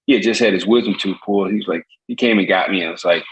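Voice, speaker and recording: A man from Indiana, a former pitcher, animatedly telling stories as a podcast guest. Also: very fast, rough recording. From Gary, Indiana. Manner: animated, acts out voices, laughs easily. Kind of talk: casual storytelling.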